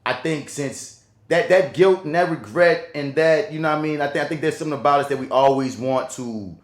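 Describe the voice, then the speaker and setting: A man's voice: a little high, brisk. A man co-hosting a podcast in casual chat, telling stories with heavy slang and plenty of swearing. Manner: profane, emphatic slang-heavy storytelling. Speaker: podcast co-host. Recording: roomy echo.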